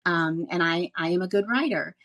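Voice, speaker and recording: A woman's voice: lowish voice, moderate pace. A middle-aged woman, a former radio news reporter, telling stories in a casual interview and laughing often. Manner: animated storyteller who laughs often.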